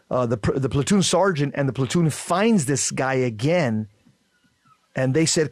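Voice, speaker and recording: A man's voice: medium pitch, normal speed, dry recording, studio quality. A man co-hosting a Catholic radio show, telling stories casually with many fillers and restarts.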